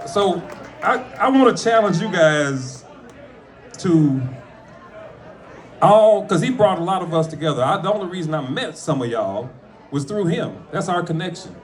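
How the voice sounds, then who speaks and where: A man, a comedian, speaking at a friend's memorial, mixing funny stories with tribute, animated and profane, with sudden shouts. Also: high-pitched, normal speed, pauses often, a faint crowd. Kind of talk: storytelling eulogy with jokes. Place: room with a gathered audience.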